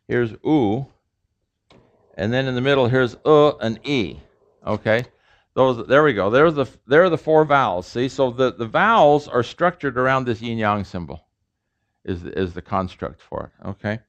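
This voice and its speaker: A man's voice: medium pitch, animated, normal speed. Guy teaching a class, lots of uhs and okays, muffled old lecture recording. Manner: explanatory, demonstrates sounds, many fillers. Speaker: professor. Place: lecture room.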